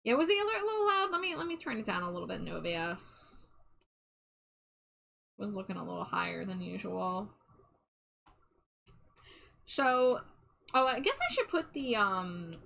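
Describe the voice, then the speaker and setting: A woman's voice: mid-range voice, creaky, a bit bright, low-quality recording. A woman streamer chatting casually and a little self-deprecatingly as she draws live, often trailing off mid-thought. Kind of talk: casual live-stream chat while drawing.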